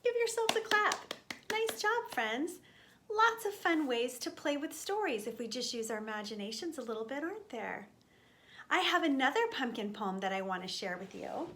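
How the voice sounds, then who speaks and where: A woman leading a storytime for young children, speaking gently and with exaggerated expression. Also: high-pitched, big pitch swings, normal speed, slight background noise.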